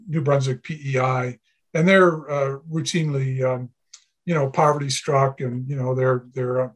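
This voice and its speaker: A man from Canada, a podcast guest, talking in a rambling, anecdotal way with many fillers. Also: medium pitch. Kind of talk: casual podcast chat.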